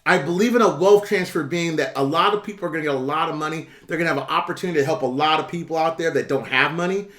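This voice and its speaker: Brief: middle-aged man, high bright voice, blunt profane livestream host. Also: fast, few pauses. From United States. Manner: blunt, profane, reads and answers chat. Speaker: YouTube currency commentator. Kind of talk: casual livestream rant.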